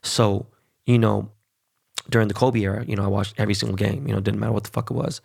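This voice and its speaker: A man's voice: fairly low pitch, level tone, fast, vocal fry, a little mellow, husky. A man in a casual, heated sports rant, swearing freely and rambling between points.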